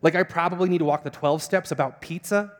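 A young man, a pastor, telling a funny self-mocking story in a sermon and acting out the voices with big jumps in pitch. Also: fast talker. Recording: long hall reverb.

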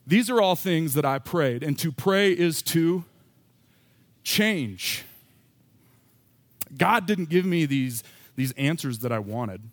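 A man's voice: medium pitch, normal speed, no echo. A man preaching a sermon as pastor, candid and self-deprecating, with emphatic rising bursts.

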